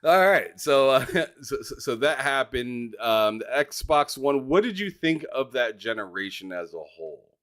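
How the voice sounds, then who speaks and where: A man's voice: medium pitch, big pitch swings, unhurried, a bit bright. A man hosting a casual gaming interview, laughing often and restarting his sentences. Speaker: podcast host.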